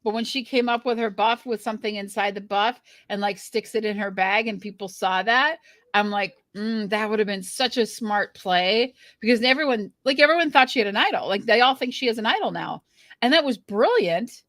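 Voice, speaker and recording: A woman's voice: a little high, fairly quick, fairly bright tone, no room sound. A woman co-hosting a casual recap chat, chatty and hedging her opinions. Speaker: podcast co-host.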